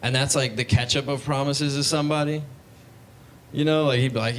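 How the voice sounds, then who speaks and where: A man's voice: mid-range voice, brisk. A young man doing a stand-up comedy set on a comedy club stage, telling stories in a laid-back way and acting out voices. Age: young adult.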